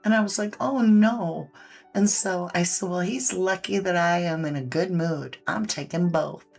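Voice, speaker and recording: A woman's voice: on the low side, steady tone, moderate pace, vocal fry. A woman hosting a live painting stream, chatting casually, reading viewer comments aloud and fussing over her dogs. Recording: faint background music.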